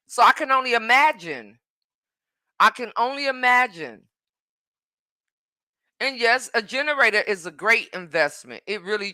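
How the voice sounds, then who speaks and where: A woman's voice: fairly high pitch, bright, forceful tone, no room sound, studio quality. A woman chatting emphatically on a phone livestream from home, repeating herself and answering commenters. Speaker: live streamer. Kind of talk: casual live-stream chat.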